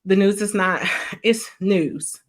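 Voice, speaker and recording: A woman hosts a relaxed interview and chats in a conversational way. She listens closely and often voices agreement. Her voice sits at an ordinary middle pitch. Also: slow pace. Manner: conversational, attentive, affirming. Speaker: podcast host. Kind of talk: casual interview chat.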